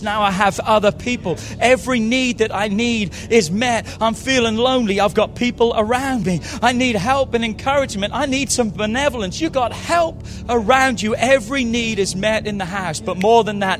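A man preaching a sermon in a church service, moving fervently from quiet low asides to loud shouted calls. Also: a little hiss or hum. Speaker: pastor.

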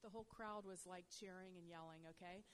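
A woman telling a faith testimony as a guest, in a conversational style full of "you know", rising loud and high when excited. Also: a little fast, a little hiss or hum. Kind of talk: animated faith testimony storytelling.

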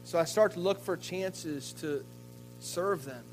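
High-voiced male pastor telling a story. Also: slow, soft background music, poor audio. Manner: lively storyteller, stumbles and repeats words. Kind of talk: sermon. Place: church.

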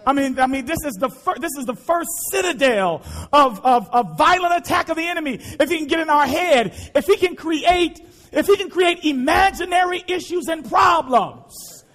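A male pastor preaching a sermon, impassioned and repetitive, often shouting to the congregation. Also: very high-pitched, normal speed.

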